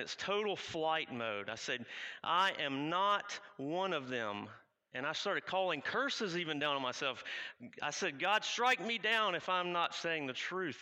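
A man's voice: medium pitch, vocal fry, bright, forceful tone, heavily acted. A man playing Peter, a remorseful apostle. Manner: confessional, halting, urgent. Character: remorseful male apostle recounting his denial. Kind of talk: first-person dramatic monologue.

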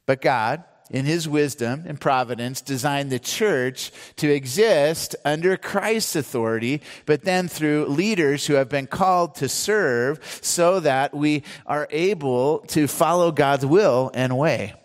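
A man's voice: on the high side, a little slow, hardly any pauses. Man preaching a sermon in a reverberant hall. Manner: earnest storytelling preacher, acts out quotes. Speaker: pastor.

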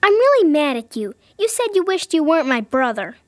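A woman's voice: high voice, sing-song, brisk, no room sound, clean studio sound. A woman voicing a young girl who is hurt and sulky with her brother, in a pouty, whiny child's voice, in a family audio drama. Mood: upset.

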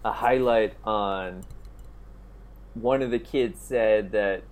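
A man chatting casually as a podcast co-host, blunt and heavy on swearing, with frequent "like" fillers and animated outbursts. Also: fairly low pitch, takes it slowly. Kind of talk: casual chat.

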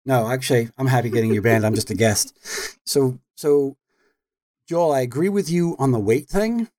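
Rambling podcast guest, dry sound. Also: male voice, mid-range voice, moderate pace, a little mellow, dry recording. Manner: easygoing, rambling with fillers. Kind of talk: casual chat.

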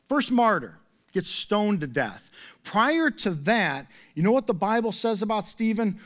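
A middle-aged man preaches as a pastor in a voice that sits high with a fairly bright tone. His sermon is conversational, packed with rhetorical questions and self-mocking humor.

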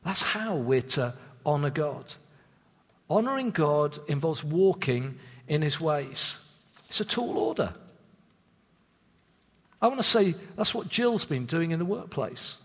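High-voiced preacher in an echoing hall. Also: male voice, very animated. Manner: earnest, measured, drops low for emphasis; repeats words when restarting a thought. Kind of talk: sermon. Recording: long reverb of a church hall.

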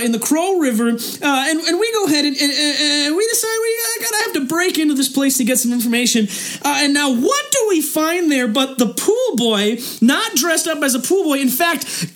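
A woman hosting a podcast, telling a comic story in a rambling way full of restarts and fillers, and shouting in the action scenes. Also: high-pitched. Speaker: podcast host. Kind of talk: comedic storytelling.

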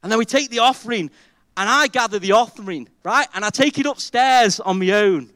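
A man preaching a sermon as pastor, emphatic and animated, asking the congregation rhetorical questions. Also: high voice, brisk, dry recording. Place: church.

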